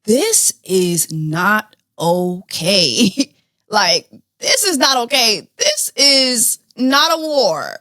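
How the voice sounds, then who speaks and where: A woman hosting a podcast, talking through celebrity news in an animated, blunt, profane way. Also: mid-range voice, drawn-out words, no room sound, clean studio sound. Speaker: podcast host. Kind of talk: casual celebrity news chat.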